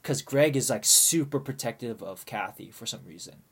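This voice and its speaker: A man's voice: mid-range voice, lively intonation, moderate pace, husky. A young man casually telling a long story to friends, rambling and swearing, with lots of fillers and restarts.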